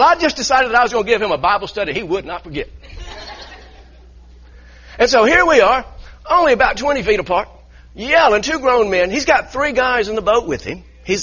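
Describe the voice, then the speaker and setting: A man, a pastor, telling an animated story in a sermon with laughing asides. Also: high-pitched, moderate pace, slightly rough. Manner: animated, laughing asides, grows heated in retelling. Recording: dull lo-fi sound.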